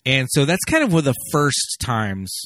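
A man co-hosting a casual film podcast who talks in an animated way, laughs often and says "like" a lot. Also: medium pitch, moderate pace, no echo, clean studio sound. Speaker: podcast co-host.

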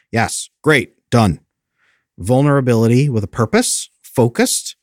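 A man coaching viewers on friendship in an emphatic, lively way, often acting out the lines he quotes. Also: medium pitch, measured pace, dry recording, studio quality. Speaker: attachment coach. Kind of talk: motivational talk to viewers.

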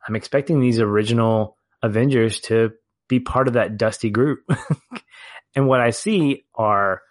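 A man co-hosting a podcast, talking through a film in casual discussion, animated at times and laughing as he reflects. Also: medium pitch, a little slow, no room sound. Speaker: podcast co-host.

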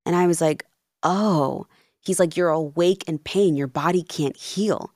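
Woman, 30s, low register, animated storyteller acting out dialogue, dry close sound. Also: moderate pace, no echo. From Peru and New Jersey. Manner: animated, acts out quoted dialogue. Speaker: podcast guest, life coach. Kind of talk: casual interview storytelling.

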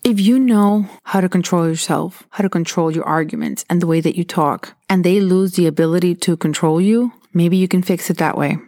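Here the woman talks briskly, barely pausing, her mellow voice sitting on the low side as she candidly shares personal stories as earnest advice. There's no echo, just clean studio sound.

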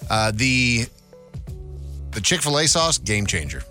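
A man's voice: medium pitch, sing-song, slow pace, pushed and bright, soft background music. A man co-hosting a podcast in casual chat, enthusiastic and joking. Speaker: podcast co-host.

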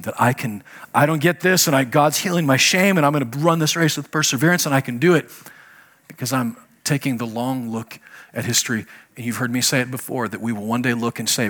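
A middle-aged man preaching a conversational sermon as pastor, jumping from loud emphatic bursts to hushed, low lines. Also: fairly quick.

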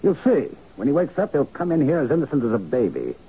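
A man voices a shrewd corporate fixer in a 1970s radio play, brusque and curt, lecturing with analogies. Heard on a dull, lo-fi broadcast recording, his exaggerated mid-range voice swoops wildly in pitch, talks fast, and sounds slightly rough.

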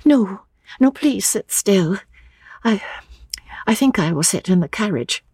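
A woman voicing a nervous, flustered young woman who stammers in a high voice. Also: animated, a little slow, a little mellow, breathy edge, no room sound, clean studio sound.

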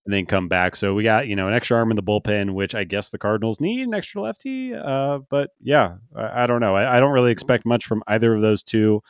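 A low-voiced man co-hosts a sports podcast in a relaxed, joking chat. His voice is smooth and resonant, and it is recorded close and dry with no room sound. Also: fast talker, hardly any pauses, no room sound. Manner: laughs easily, loose and joking. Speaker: podcast co-host.

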